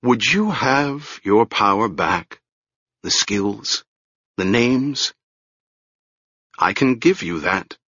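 A man voicing a stern, calm male wizard who speaks in a grave, measured, gentle way. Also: fairly low pitch, slightly rough, no echo, dull audio, full character voice.

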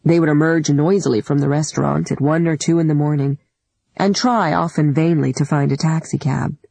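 Mellow, husky audiobook narrator. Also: medium pitch, steady tone, brisk, dry recording, low-quality recording. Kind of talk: scripted literary narration.

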